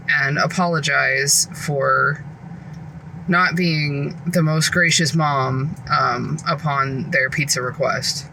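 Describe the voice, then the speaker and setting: A woman's voice: low-pitched, vocal fry, noisy background. A woman and mom venting her frustrations in a casual vlog from her car, swearing often, recorded on her phone. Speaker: vlogger and mom. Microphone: phone camera.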